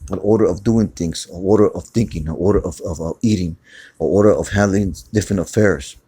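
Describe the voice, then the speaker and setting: A man's voice: low-pitched, brisk, dark tone, slightly rough. A man teaching scripture in a loose, conversational way, repeating words and often saying "man". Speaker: preacher. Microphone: phone screen recording.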